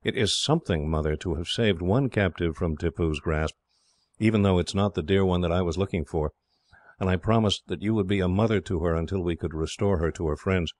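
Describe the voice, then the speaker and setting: Man reading as young officer, eager, cheerful, slightly lifted, low dry voice. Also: fairly quick, a little mellow, dry recording, lightly acted. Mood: earnest. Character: earnest, bold young English officer.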